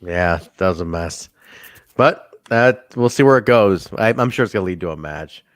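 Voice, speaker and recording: Animated man in casual wrestling chat. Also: deep voice, moderate pace, no echo. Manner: animated, laughs often, acts out quotes. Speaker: podcast co-host.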